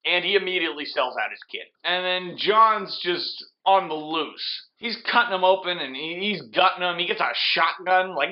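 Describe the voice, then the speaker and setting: A man's voice: fairly high pitch, muffled recording. Rambling drunk man retelling a movie. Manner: rambling, slurring storyteller with restarts. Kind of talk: drunk comedic movie recap.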